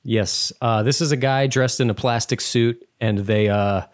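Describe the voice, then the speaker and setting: A man's voice: mid-range voice, steady tone, unhurried, no echo, studio quality. A man co-hosting a podcast in casual chat, rambling loosely and laughing often. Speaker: podcast co-host.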